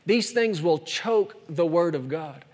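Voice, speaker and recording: Guy preaching, kinda high voice, lots of "can you hear it?" questions, long echo like a big church hall. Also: expressive. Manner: emphatic, rhetorical questions, shifts between fast and slow delivery. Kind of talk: sermon.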